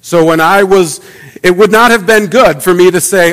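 A man preaches to his congregation in a relaxed, conversational way, tossing in rhetorical questions and little acted-out asides. His voice sits a touch above the usual male pitch. A long reverb from the church hall trails behind each phrase. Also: normal speed. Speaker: pastor. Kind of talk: sermon. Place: church sanctuary.

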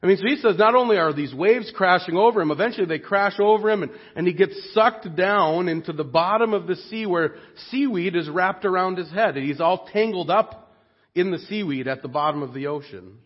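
A man preaches fairly quickly in a husky, fairly high voice, earnest and expressive, dropping soft and low whenever the point turns grave. The recording has a dull, lo-fi sound.

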